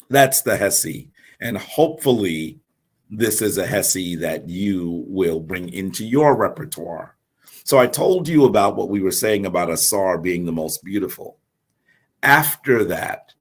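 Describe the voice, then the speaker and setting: A man with a sore throat giving an earnest live-streamed religious teaching, pausing often with ums as he explains. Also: sits low, big pitch swings, breathy edge. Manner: slow, earnest, lecturing with frequent ums.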